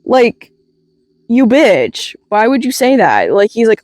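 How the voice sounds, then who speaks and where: Chatty, swearing young woman, slightly high. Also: very animated, slow, darkish tone, no echo. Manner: chatty, swearing, filler-heavy "like". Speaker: webcomic reviewer. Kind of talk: casual retrospective recap.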